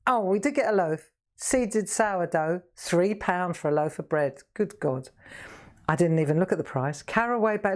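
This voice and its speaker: A woman's voice: lowish voice, lively intonation, normal speed. A middle-aged woman chatting casually to viewers while crafting live, laughing often. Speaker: craft livestream host.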